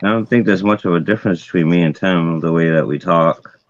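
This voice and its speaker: A man with a Massachusetts accent chats on a video call, his voice low and a little muffled. He rambles and swears easily, often repeating his words as he goes. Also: fairly quick, a crowd in the background. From New Bedford, Massachusetts. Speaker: guest. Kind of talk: casual chat.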